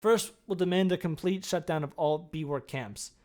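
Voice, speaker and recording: A man reading a livestream script, voicing an earnest, excitable young male bee in a plain everyday voice. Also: on the high side, moderate pace, close to an everyday voice. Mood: demanding. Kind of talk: script read aloud on a livestream.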